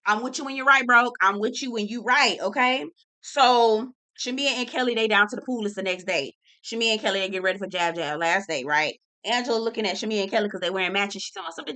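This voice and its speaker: Sassy, blunt woman reviewer with a bright, sharp voice and casual vlog delivery. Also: mid-range voice, fast talker. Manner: sassy, blunt, profane, calls everyone "girl". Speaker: reality TV reviewer.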